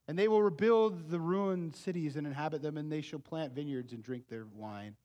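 A man preaching a sermon as pastor, moving between loud emphatic peaks and hushed, low asides. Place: church sanctuary. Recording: long church hall reverb.

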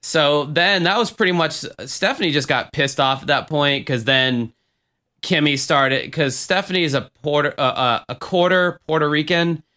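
Young male podcast host, bright and smooth, rambling and cursing. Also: a little high, normal speed. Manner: rambling, swears, many fillers. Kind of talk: casual storytelling.

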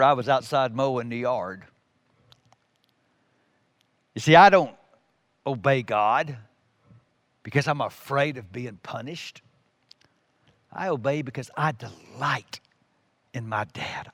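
A middle-aged man preaching a sermon as pastor, swinging from loud emphasis down to a near whisper. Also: on the high side, no room sound.

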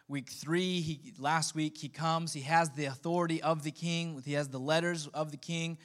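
A pastor in his thirties, his voice a little high and his pace normal, delivers a relaxed, conversational sermon. He keeps tossing joking asides to his congregation.

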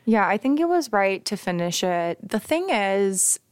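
A woman's voice: mid-range voice, big pitch swings, a little slow, no room sound, studio quality. A young woman co-hosting a podcast, chatting casually and giggling with her sister. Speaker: podcast co-host. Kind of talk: casual chat.

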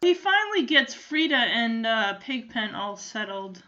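A woman's voice: a little high, big pitch swings, unhurried, bright, forceful tone, dull audio. A woman casually retelling a cartoon special, chatty and opinionated, with lots of fillers. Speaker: commentator.

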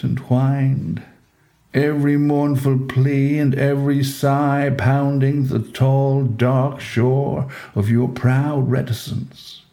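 A man narrating a poetic story with a measured, solemn delivery. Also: mid-range voice, dark tone.

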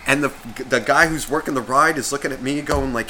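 A man's voice: mid-range voice, fast talker, hardly any pauses, slight background noise. A man in his thirties telling a story in casual podcast chat, swearing often and acting out other people's lines. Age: 30s. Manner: animated, profane, acts out quoted voices. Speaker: podcast co-host.

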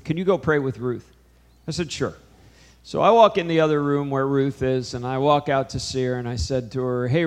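A man preaching a sermon to a congregation, moving from scripture into a story he acts out line by line. His voice sits a little high for a man. Long reverb of a large hall hangs after his words. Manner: storytelling, quoting conversations with shifting emphasis. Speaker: pastor.

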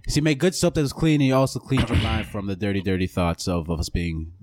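A man co-hosting a podcast in casual chat, emphatic and profane, quick to laugh. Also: on the low side, steady tone, a little mellow, dry recording. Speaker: podcast co-host.

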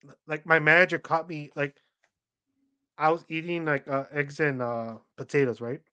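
Rambling higher-voiced male podcast co-host. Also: little pitch movement, normal speed, bright, forceful tone, smooth. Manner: rambling storyteller, acts out quoted voices, many "like" fillers. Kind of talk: casual chat.

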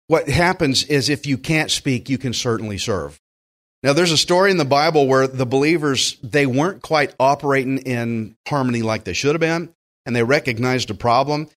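Southern preacher guy, folksy, gets animated, acts out what folks say. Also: mid-range voice, normal speed. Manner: folksy and animated, acting out quoted voices. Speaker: pastor. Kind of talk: sermon.

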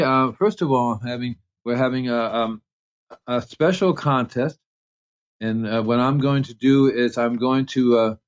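A man's voice: medium pitch, lo-fi sound. A man hosting a casual gardening radio show, rambling with many fillers and restarts over music. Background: music under the voice.

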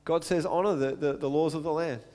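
A man's voice: fairly high pitch, fairly even intonation, a little fast, darkish tone, in a large hall. A man preaching a sermon in a conversational way, stopping for asides and acting out the quotes he reads.

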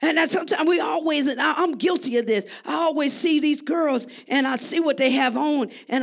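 A woman preaches a sermon in a high voice with a gravelly edge. She talks to the congregation like a friend, then rises into emphatic shouts. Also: moderate pace, few pauses.

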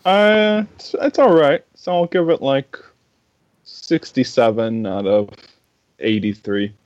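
A man co-hosting a casual podcast, tossing out short deadpan quips. His voice sits at a medium pitch and is recorded close and dry, with no room sound. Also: slow pace, no room sound, lo-fi sound. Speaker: podcast co-host. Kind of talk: casual review chat.

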